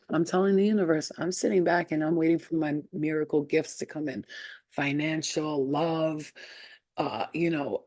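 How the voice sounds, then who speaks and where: A woman talks straight to her viewers in a casual energy reading. She is chatty and reassuring, her speech full of "like" and "you know." Her voice is warm and relaxed with a gravelly edge, recorded dry and close. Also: deep voice, dry recording. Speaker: energy reader.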